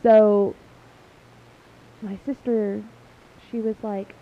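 A woman's voice: medium pitch, flat delivery, extremely slow. Giggly young woman telling a story. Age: young adult. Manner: giggly, rambling storyteller with fillers. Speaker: podcast guest, host's daughter. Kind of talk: casual family podcast chat. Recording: muffled lo-fi with faint hiss.

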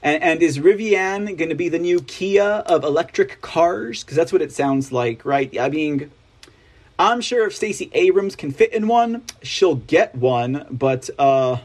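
Sarcastic Texan man with a husky voice. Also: fairly high pitch, animated, a little slow, a little mellow. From Texas. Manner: sarcastic, rambling asides with frequent "right?". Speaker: news show host. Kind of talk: opinionated commentary reading news.

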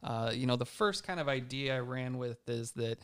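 A man's voice: medium pitch, normal speed, smooth. A man co-hosting a casual sports podcast, speaking thoughtfully and with some hesitation. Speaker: podcast co-host.

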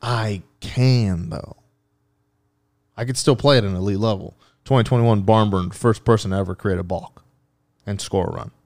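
A man's voice: on the low side, normal speed, darkish tone. A man hosting a casual podcast, rambling and joking with lots of swearing. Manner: profane, rambling, jokey. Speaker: podcast host.

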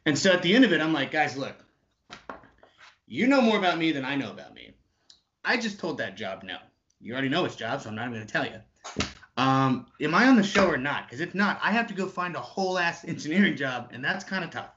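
A man in his twenties telling an animated story, swearing freely and acting out the other people's lines. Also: on the high side, fast, muffled recording.

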